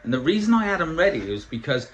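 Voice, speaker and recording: A man's voice: on the high side, fast, muffled recording, slight background noise. Foul-mouthed man, blunt diet coach. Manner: swears constantly, blunt and animated storytelling. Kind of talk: casual motivational vlog.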